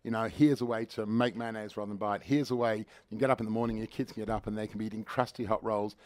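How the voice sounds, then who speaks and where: A middle-aged man, a food critic on a radio studio interview, talking fast and with lots of enthusiasm. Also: lowish voice, no echo. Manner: fast, enthusiastic, animated storytelling. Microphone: studio microphone.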